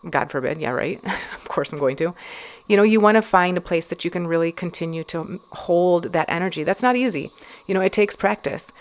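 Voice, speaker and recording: A woman's voice: lowish voice, animated, a little fast. A woman hosting her own podcast, talking alone in a chatty, rambling way with many fillers and restarts. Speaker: podcast host. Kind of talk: casual solo podcast talk.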